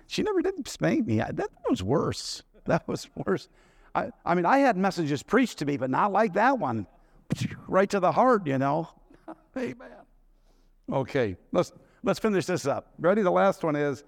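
A man's voice: fairly high pitch, big pitch swings, a little slow, creaky, no room sound, studio quality. A middle-aged man preaching a sermon, telling personal stories in a conversational way and asking the congregation questions.

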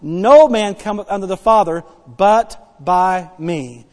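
A man preaching a sermon as pastor, emphatic and repetitive, dropping soft then rising loud to stress his points. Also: sits high, animated, slow pace. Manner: emphatic preaching, repeats key phrases, swings between soft and loud. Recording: long hall reverb.

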